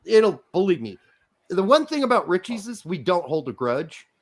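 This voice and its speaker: A man co-hosting a podcast, letting loose in a casual rant with a self-mocking edge. His voice sits fairly high and swoops widely in pitch as he talks. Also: moderate pace. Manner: animated, ranting, self-mocking. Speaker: podcast co-host. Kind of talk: casual ranting chat.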